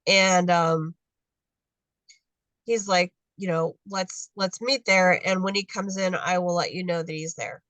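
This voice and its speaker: A woman's voice: lowish voice, measured pace, dry recording, rough recording. Woman storytelling on a video call. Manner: animated, acts out dialogue in quotes. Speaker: guest adoptee.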